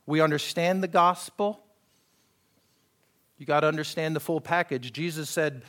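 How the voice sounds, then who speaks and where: A male pastor with a fairly high, bright voice preaches conversationally at a moderate pace, pausing often. He acts out quoted voices and checks whether his congregation follows and agrees.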